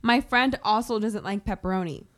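Woman on morning radio, mid-pitched voice, disbelieving and expressive. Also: normal speed, crowd noise. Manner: incredulous, expressive storyteller. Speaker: radio co-host. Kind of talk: casual morning show chat.

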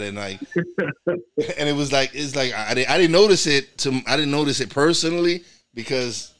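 Bright-voiced rambling podcast host, a man. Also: medium pitch, moderate pace. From New York. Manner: rambling, many restarts and repeated words. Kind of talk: casual interview chat.

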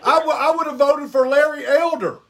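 A man's voice: very high voice, fairly even intonation, fairly quick, gravelly, fairly bright tone. A man hosting a call-in show, arguing hotly with a caller, repeating himself and cussing. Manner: exasperated, repeats himself, cusses. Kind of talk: heated call-in argument.

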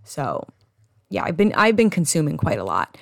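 A woman's voice: low voice, huge pitch swings, normal speed, vocal fry, dry recording, studio quality. A young woman hosting a casual solo podcast, telling stories in a chatty way with frequent restarts and some swearing. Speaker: podcast host.

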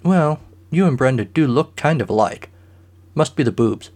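A man's voice: medium pitch, lively intonation, moderate pace, a little mellow, voice pushed up. A man voicing Kat, a blunt, sardonic young woman coworker, in a raised, teasing voice.

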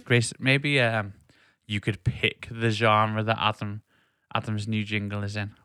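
A man's voice: fairly low pitch, flat delivery, unhurried, bright, forceful tone, clear, resonant tone, no room sound, clean studio sound. A man hosting a casual podcast chat, playful and teasing, laughing often. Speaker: podcast host.

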